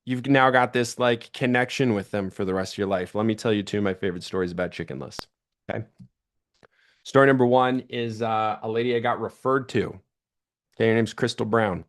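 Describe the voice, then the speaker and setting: This is a brisk, lowish male voice, a man in his thirties running an upbeat sales training talk. Chatty and energetic, he plays out the phone calls he quotes as he tells his stories.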